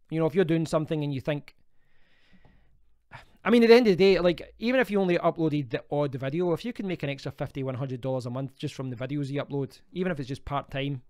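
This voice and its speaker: A man's voice: fairly high pitch, smooth, dry recording, studio quality. A Scottish man in his thirties, hosting a casual live stream from home and chatting as he answers viewer comments. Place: home in Spain.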